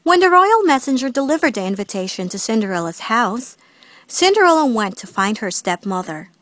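A woman reading a fairy tale aloud as the storyteller, expressive and sing-song. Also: fairly high pitch, brisk, dry recording.

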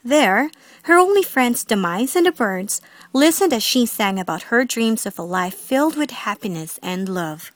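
A woman reading a fairy tale aloud as the storyteller, expressive and sing-song. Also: a little high, normal speed, dry recording.

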